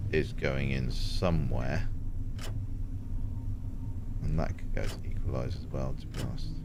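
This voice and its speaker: A man, chatting to himself and his viewers while playing a game, with animated exclamations. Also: low-pitched, background noise. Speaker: game streamer. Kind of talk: casual gameplay commentary.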